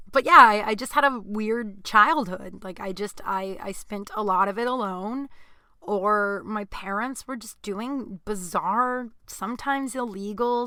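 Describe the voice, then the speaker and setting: Young female podcast host, rambling chatty delivery with sudden loud bursts; bright tone, dry recording. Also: medium pitch, no room sound. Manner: rambling, jokey, swings between loud outbursts and mumbled asides. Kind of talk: casual solo chat.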